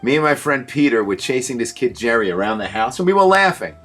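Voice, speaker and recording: A man hosts a casual talk show and tells funny stories. His pitch rises and falls in a lively way, and he often laughs at his own jokes. He speaks at a middle pitch. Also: quick pace. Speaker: show host. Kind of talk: casual comedic storytelling.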